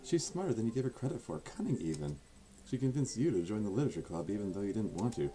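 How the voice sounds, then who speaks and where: A man voicing a proud, sharp-tongued teen girl from a visual novel, earnest and sarcastic by turns, often dropping to a whisper. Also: fairly low pitch, sing-song, fast talker. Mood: teasing. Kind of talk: fan voice acting of a visual novel.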